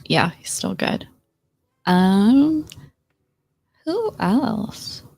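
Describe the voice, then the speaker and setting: A woman's voice: medium pitch, very animated, drawn-out words, vocal fry, a little mellow, husky. A woman in a casual livestream chat, rambling and searching for names, laughing often. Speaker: streamer.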